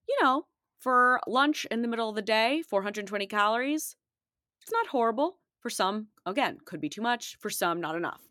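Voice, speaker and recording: A woman's voice: on the low side, fairly bright tone, dry recording, studio quality. A woman dietitian hosting her own show, chatting emphatically and casually while rattling off numbers. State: out of breath. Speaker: dietitian podcast host. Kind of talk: casual solo talk.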